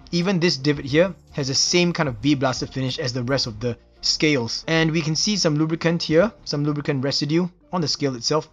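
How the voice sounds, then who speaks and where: A man's voice: on the high side, fairly bright tone. A man from Singapore with a Singaporean English accent, casually narrating an unboxing and reviewing details with enthusiastic, admiring exclamations. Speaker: knife reviewer.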